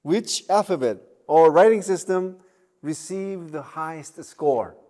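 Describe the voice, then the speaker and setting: Chatty male lecturer, slow delivery. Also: fairly high pitch, dark tone. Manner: chatty, joking asides, many fillers and tag questions. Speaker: university lecturer. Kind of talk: recorded online lecture.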